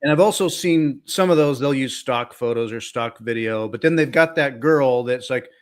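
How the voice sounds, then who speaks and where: A man's voice: medium pitch, normal speed. A man co-hosting a podcast in casual chat, talking in a rambling, hesitant way with many fillers. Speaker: podcast co-host.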